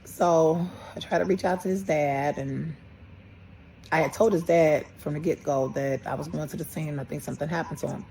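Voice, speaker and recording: A middle-aged woman, a mother slowly retelling a personal story and quoting the people involved. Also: low-pitched, fairly even intonation, gravelly, mellow, a little hiss or hum, rough recording. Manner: plain, halting retelling with quoted dialogue. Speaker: grieving mother.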